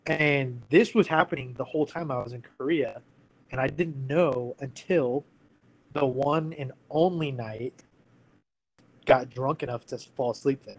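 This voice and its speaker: A man's voice: medium pitch, measured pace, low-quality recording. A man in his thirties, a podcast guest candidly telling a personal story in casual speech, full of "like" and "you know".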